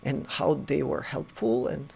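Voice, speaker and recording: A man telling a personal story in an earnest, halting way, often restarting his sentences. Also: medium pitch, steady tone, vocal fry, darkish tone. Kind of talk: personal story told to camera.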